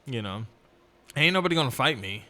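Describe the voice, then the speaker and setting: Laid-back man with a bright voice. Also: mid-range voice, a little fast. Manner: laid-back, laughs often, animated retellings. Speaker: restaurant worker. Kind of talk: casual chat.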